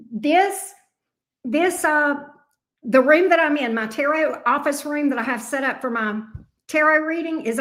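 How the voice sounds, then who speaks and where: Woman, high register, casual profane live-stream chat from a home office. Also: a bit bright. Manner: profane, chatty, self-mocking. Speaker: tarot reader. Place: home tarot office room.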